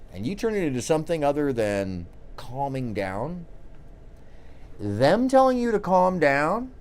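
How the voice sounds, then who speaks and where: A man's voice: mid-range voice, darkish tone. A man hosting a call-in commentary show, rambling and joking with frequent restarts. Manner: rambling, jokey, restarts often. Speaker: show host.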